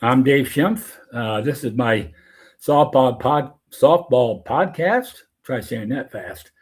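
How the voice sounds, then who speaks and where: An older man from hosting a softball podcast, chatting in a folksy, rambling way. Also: medium pitch, animated, slow, husky. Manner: folksy, rambling with many uh fillers. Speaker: podcast host. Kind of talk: casual chat.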